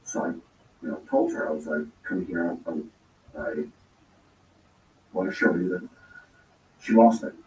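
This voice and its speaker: Male guest, low register, rambling casual storyteller, echoey room with faint background hiss. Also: huge pitch swings, unhurried, long pauses. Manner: rambling, acts out quoted lines of dialogue. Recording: roomy echo, distant from mic.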